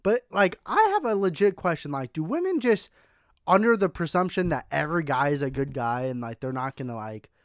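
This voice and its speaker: A young man telling a profane, animated road-rage story in casual podcast chat. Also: on the high side, a little fast, no echo, studio quality. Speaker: podcast co-host. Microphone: desk mic, tilted.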